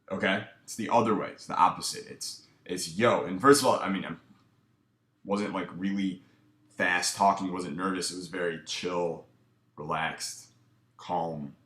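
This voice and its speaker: Deep-voiced man, echoey room. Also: fairly bright tone. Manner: laid-back, filler-heavy, with many "um" and "like". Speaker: dating coach. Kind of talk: casual commentary breaking down footage.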